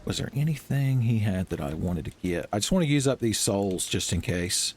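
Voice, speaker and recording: A man's voice: fairly low pitch, normal speed, slightly rough, faint music behind. Joking man narrating gameplay. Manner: joking, swearing, animated asides. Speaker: gaming channel host. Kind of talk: let's-play commentary.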